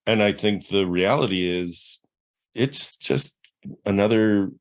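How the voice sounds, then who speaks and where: Low-voiced man hosting an interview. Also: slow. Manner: reflective, rambling questions with fillers. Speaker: podcast host. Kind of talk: conversational interview.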